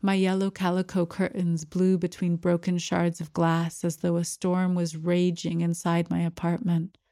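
In a clean, dry studio recording, a female audiobook narrator tells a first-person story. Her pitch is fairly low and her delivery stays measured and even.

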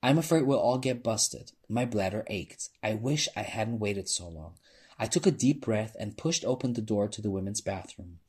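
A man reading a novel aloud in an unhurried, quiet way. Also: on the low side, husky. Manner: unhurried, quiet, restarts phrases. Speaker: narrator.

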